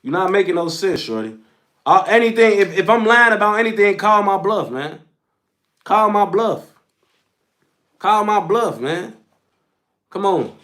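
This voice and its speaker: A man's voice: sits high, animated, measured pace, long pauses, sharp tone. A young man hosting a livestream, speaking as he scolds his chat in a heated, repetitive, slangy rant. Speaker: livestream host.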